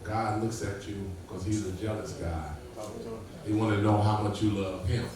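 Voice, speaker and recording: A man's voice: fairly low pitch, fairly even intonation, normal speed, crowd noise. A man telling profane stand-up stories in a loose, rambling manner, on stage at a comedy club. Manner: profane, loose storytelling with acted-out quotes. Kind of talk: stand-up storytelling. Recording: echoey, distant room mic with ambient noise.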